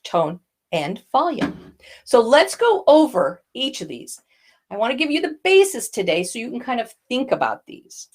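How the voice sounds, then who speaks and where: An older woman, a voice coach, teaching a lesson and demonstrating vocal effects as she explains. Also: fairly high pitch.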